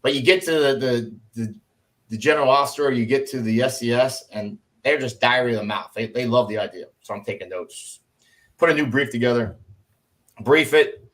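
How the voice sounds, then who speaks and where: Speaking at a normal speed in a medium-pitched voice, a middle-aged man who once served as an Army officer shares stories during a relaxed podcast interview. He brings them to life by performing the voices of people he quotes.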